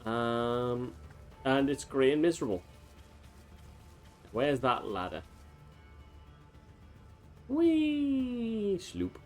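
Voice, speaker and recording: Rambling male streamer, mid pitch. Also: lively intonation, slow, pauses often. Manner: rambling, talks in long tangents with many fillers. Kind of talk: casual let's-play commentary. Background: faint game music.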